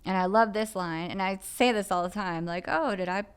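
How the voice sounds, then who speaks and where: A woman's voice: mid-range voice, normal speed, clean tone. A woman speaking candidly and earnestly on a podcast about her own recovery, with frequent filler phrases. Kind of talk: candid personal podcast talk.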